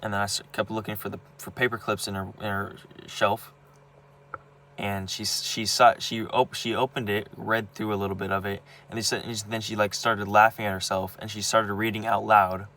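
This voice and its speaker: A man's voice: lowish voice, flat delivery, moderate pace, pushed and bright, slight background noise. A young man venting about his family, upset and agitated, stumbling over his words with many restarts and repeated words, and swearing heavily. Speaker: vlogger. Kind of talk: personal venting monologue.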